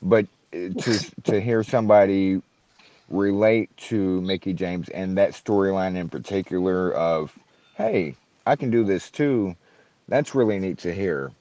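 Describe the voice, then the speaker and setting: Man, podcast co-host, very low voice, dry sound, relaxed reactions. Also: a little slow, dry recording. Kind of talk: casual podcast chat.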